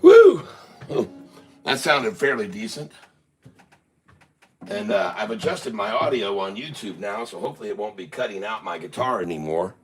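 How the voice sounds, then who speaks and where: A man's voice: lowish voice, animated, normal speed, pushed and bright. A man hosting a live stream, joking and talking straight to his viewers. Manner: joking, talks straight to the chat. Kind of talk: casual live stream chat.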